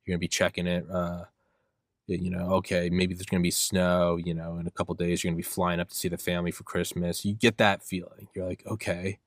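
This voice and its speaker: Young male podcast host, deep voice, loose profane rambling, dead dry sound. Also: level tone, fast talker, dry recording. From United States. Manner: rambling, profane, acts out his own inner voice. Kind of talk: solo podcast rant.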